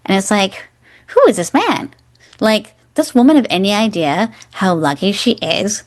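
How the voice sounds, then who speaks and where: A woman's voice: mid-range voice, sing-song, normal speed. A woman in her forties co-hosting a podcast, chatting casually and enthusiastically about a film, acting out lines as she goes. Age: 40s. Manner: enthusiastic, acts out quoted lines. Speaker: podcast co-host. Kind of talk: casual chat.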